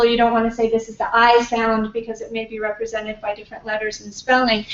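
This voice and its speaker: A woman professor teaching pronunciation to a class, modelling sounds slowly and patiently. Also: a little high. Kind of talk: classroom lecture. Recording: far-off, echoey, dull classroom recording.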